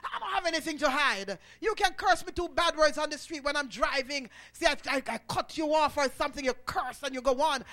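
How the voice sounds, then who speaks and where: A man preaching a sermon, swelling into shouted, rhythmic phrases punctuated by "uh" and calling on the congregation to respond. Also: extremely high pitch, a little fast, few pauses.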